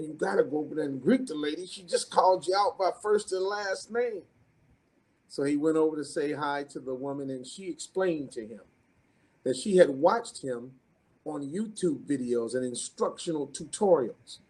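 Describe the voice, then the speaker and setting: A man's voice: a little high, breathy edge. A man hosting an online business event, introducing the next speaker in a rhythmic, preacher-like style with repeated calls to the audience. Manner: preacherly, rhythmic repetition, rising to excited calls. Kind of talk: energetic motivational introduction.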